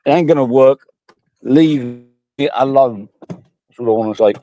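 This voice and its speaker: A man's voice: mid-range voice, unhurried, mellow, no echo. A man chatting casually in a blunt, joking way. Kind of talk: casual chat.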